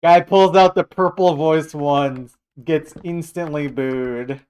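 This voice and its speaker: A man's voice: on the high side, steady tone, slow pace, a little mellow, clear, resonant tone. A man streaming live, chatting casually and jokily while reacting to his chat. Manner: rambling, jokey, reacting to chat.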